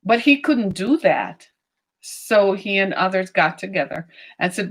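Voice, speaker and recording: A woman giving opinionated commentary, emphatic, asking rhetorical questions and slowing down on key points. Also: mid-range voice, big pitch swings. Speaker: political commentator.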